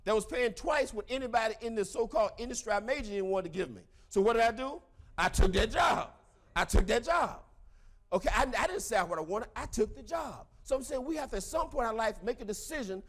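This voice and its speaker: A man in his forties with a Southern US accent, giving a motivational seminar talk in an emphatic, repetitive way with bursts of shouting. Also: very high-pitched. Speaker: seminar speaker.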